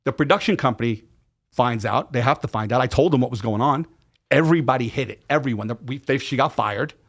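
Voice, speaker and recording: A middle-aged man with a gravelly, creaky voice of middling pitch tells a candid story as a podcast guest. He talks in slang, swears freely and acts out what people said, playing every part himself. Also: a little fast. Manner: animated, profane, slangy retelling with acted-out quotes.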